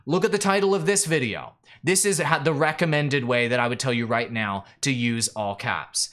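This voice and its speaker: A man's voice: mid-range voice, moderate pace, fairly bright tone. A man coaching creators during a live stream, talking straight to viewers in an emphatic, directive way. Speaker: YouTube growth coach. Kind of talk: live-stream teaching monologue.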